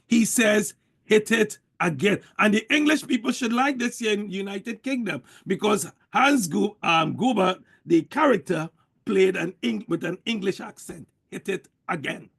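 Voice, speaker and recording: A man delivers a motivational sales pep talk in a high, gravelly voice. He is preachy and emphatic and hammers the same points again and again. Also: moderate pace, fairly bright tone. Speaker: network marketing speaker.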